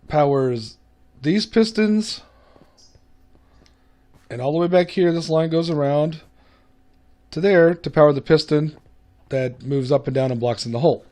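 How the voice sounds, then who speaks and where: Here the gaming host's voice sits a little high, still with a darkish tone. He chats casually through the gameplay, pokes fun at himself, and hums and laughs under his breath.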